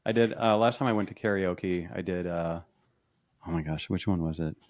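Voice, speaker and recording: An easygoing man hosts a casual podcast chat, laughing along and backing up his guest. His voice sits on the low side and is recorded close and dry. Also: normal speed, darkish tone, no echo. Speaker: podcast host.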